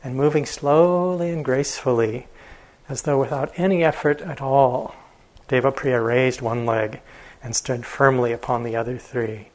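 A male meditation teacher telling a story in a dharma talk, relaxed, with fillers and chuckles. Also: mid-range voice, moderate pace, rough recording.

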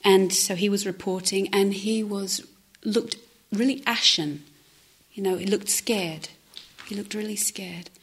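Breathy woman giving a meditation talk. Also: medium pitch, fairly even intonation, unhurried. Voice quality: breathy, often drops to a whisper. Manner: gentle, reflective, with hesitant restarts. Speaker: meditation teacher. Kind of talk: dharma talk. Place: retreat center meditation hall.

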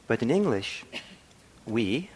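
A middle-aged man giving a meditation talk, reflective and soft-spoken, pausing often with ums and restarts. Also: mid-range voice, big pitch swings, a little hiss or hum. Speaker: meditation teacher. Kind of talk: dharma talk. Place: meditation hall.

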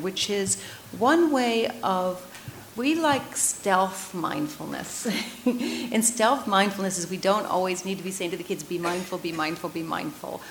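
A woman leading a mindfulness workshop, polling the audience with quick, upbeat questions and then reading a picture book aloud. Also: mid-range voice, a bit bright, slight background noise, rough recording. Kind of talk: workshop teaching and story reading. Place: meditation center workshop room.

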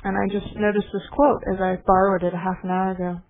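Gentle woman giving a dharma talk, tinny. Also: mid-range voice, flat delivery, fast. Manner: gentle, reflective storytelling. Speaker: meditation teacher. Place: meditation hall. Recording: tinny phone-like recording with faint hiss.

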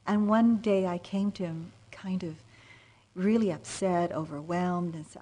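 A woman meditation teacher giving a dharma talk, speaking softly and unhurriedly, often trailing into near-whispers, with frequent gentle fillers. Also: lowish voice, steady tone, moderate pace. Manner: soft-spoken, drifting into near-whispers. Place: meditation retreat center.

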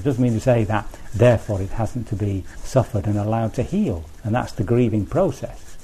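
A man's voice: fairly low pitch, normal speed, few pauses, dark tone, slight background noise. A man teaching as a Buddhist teacher in a conversational dharma talk, thinking aloud with restarts and frequent asides to his listeners.

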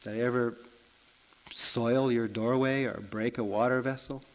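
A man voicing a big, forgiving ox in a told folk tale, speaking calmly and coolly. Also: medium pitch, moderate pace, natural voice, rough recording. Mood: calm reproach. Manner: calm, cool, gently reproachful. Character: calm wise male ox, big and forgiving.

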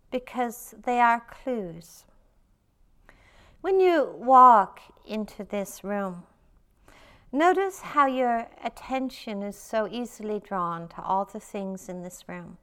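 A woman meditation teacher giving a dharma talk, slow and reflective, often softening to near a whisper. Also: on the high side, expressive, clean tone.

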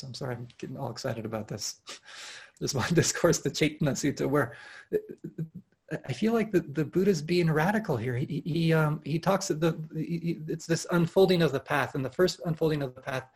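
At home on a video call, a meditation teacher gives a dharma talk for an online retreat, his husky, slightly breathy voice pitched a little high for a man. He's earnest and animated, full of warmth and enthusiasm, often restarting phrases and letting out soft laughs.

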